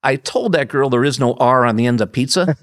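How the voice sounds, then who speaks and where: Guy in his 50s from upstate new york, podcast guest, rambly storytelling, lots of uh and restarts, mid pitch. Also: fairly quick. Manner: rambling anecdotes with frequent restarts and fillers. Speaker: guest, company founder. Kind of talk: conversational interview storytelling.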